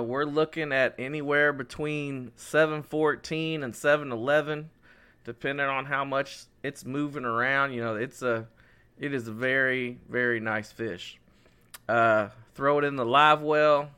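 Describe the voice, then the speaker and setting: Bright, clear-voiced man telling a fishing story. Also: mid-range voice. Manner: animated storyteller who acts out his own and others' lines. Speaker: podcast co-host. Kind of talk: casual storytelling chat.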